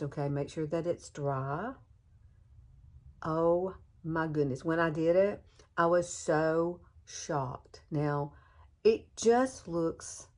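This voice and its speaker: A woman in her sixties giving a chatty, enthusiastic makeup tutorial to the camera, calling her viewers girlfriends. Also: sits low. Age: 60s. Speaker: beauty vlogger.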